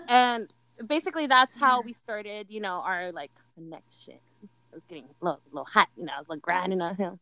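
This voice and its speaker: A woman's voice: mid-range voice, fast, pushed and bright, no echo, low-quality recording. A young woman telling a candid story in casual chat, dramatic and laughing often. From Latin American heritage.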